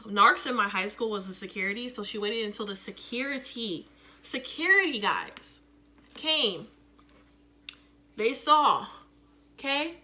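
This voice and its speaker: A young woman telling a casual storytime, profane and animated, acting out the quotes loudly. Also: a little high, unhurried, pauses often, slight background noise. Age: young adult. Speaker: vlogger.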